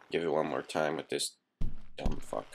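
A man's voice: extremely low pitch, vocal fry, a little mellow, husky. A young man giving casual gameplay commentary, swearing constantly and yelping in frustration.

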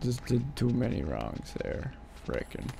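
A man's voice: medium pitch, big pitch swings, unhurried, vocal fry, warm tone, slight background noise. A man streaming a video game, tired and losing his voice, joking and laughing, with frick and freaking in place of swears. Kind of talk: casual live-stream commentary.

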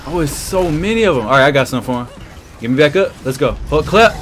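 Excitable man narrating his gameplay. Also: fairly high pitch, quick pace, soft background music. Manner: excitable, reactive, exclaiming. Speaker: gaming channel host. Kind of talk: live gameplay commentary.

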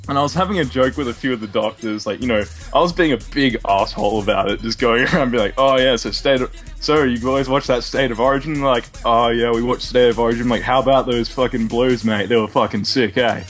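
A man's voice: mid-range voice, fast, soft background music. A young Australian man co-hosting a podcast, telling a story in a sweary, laughing way. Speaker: podcast co-host. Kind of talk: casual storytelling chat.

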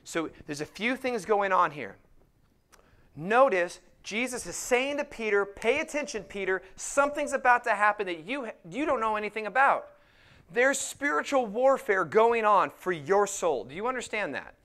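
Smooth-voiced man preaching a sermon. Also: high-pitched, animated, sharp tone. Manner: preaching with emphatic, slowed scripture quotes. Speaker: pastor.

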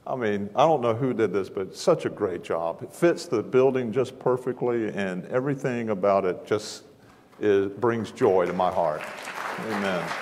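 A man's voice: fairly low pitch, normal speed, darkish tone, some chatter behind, slight background noise. A man preaching a sermon in a large church auditorium, folksy and self-deprecating in manner. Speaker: guest preacher. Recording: long hall reverb.

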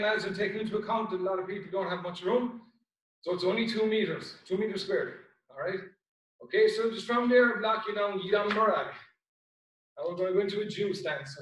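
An Irish man teaching a karate class over a video call, calling out commands and counts with brisk shouted cues. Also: high voice. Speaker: karate instructor. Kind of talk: online class instruction. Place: home room on video call. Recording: very echoey room, voice far from mic.

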